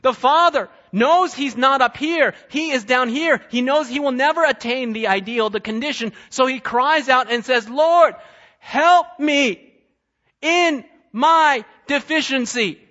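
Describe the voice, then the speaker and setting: A man's voice: extremely high pitch, normal speed, hardly any pauses, pushed and bright, lo-fi sound. A man preaching a sermon, explaining a passage with emphatic, repetitive points and rhetorical questions to his listeners. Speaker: pastor.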